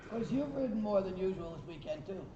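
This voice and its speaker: A riding instructor in an arena coaches his riders, calling out praise to the horses and corrections to the people on them. His voice sits high and is expressive, quick and mellow. The recorder was far away, so the sound is distant, echoey and dull.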